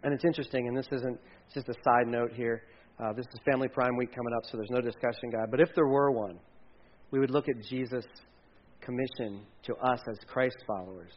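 A man preaching a sermon in a casual, animated way, acting out quotes and sometimes dropping his voice low. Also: fairly quick, highs cut off. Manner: conversational, animated, acts out quotes, drops to hushed tones. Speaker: pastor.

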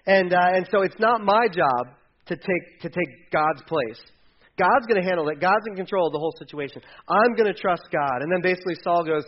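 A man's voice: sits high, brisk, highs cut off. A man preaching a sermon in a church, retelling a story in a casual way and putting on voices for the characters. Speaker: pastor.

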